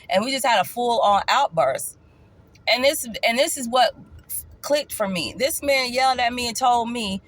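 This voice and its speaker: A woman's voice: on the high side, moderate pace. Emphatic woman telling her life story. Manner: animated, voice jumps up for emphasis. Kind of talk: casual storytime.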